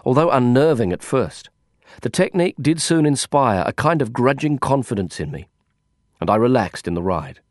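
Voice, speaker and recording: A man's voice: mid-range voice, big pitch swings, normal speed. A man reads a first-person novel in a wry, descriptive way, his voice moving freely up and down through each sentence. The recording is close and dry from a studio microphone, with no room echo. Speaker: audiobook narrator. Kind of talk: first-person audiobook narration.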